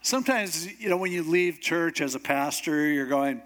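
A man's voice: on the high side, moderate pace, hardly any pauses. A man preaching a sermon as a pastor, telling a story with humor and acting out the characters' voices. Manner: animated, acts out voices of characters; humorous asides.

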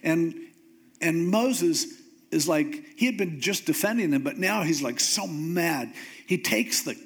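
A male pastor preaching a sermon in a relaxed, conversational way. He tells the story with a casual, joking humor. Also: on the high side, unhurried.

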